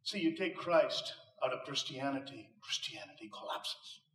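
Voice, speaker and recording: A man's voice: mid-range voice, wildly swooping pitch, normal speed, a bit bright. Man, inspirational speech, rhetorical, punchline humor, echoey room, distant mic. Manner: emphatic, rhetorical, with punchline jokes. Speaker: motivational speaker. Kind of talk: inspirational speech to a live audience. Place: live venue before an audience.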